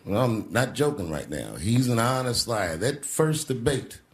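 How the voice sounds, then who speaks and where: A man doing stand-up storytelling, conversational and animated, swinging between low asides and loud punchlines. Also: a little slow. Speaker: stand-up comedian. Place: live theater on stage. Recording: long hall reverb, faint noise.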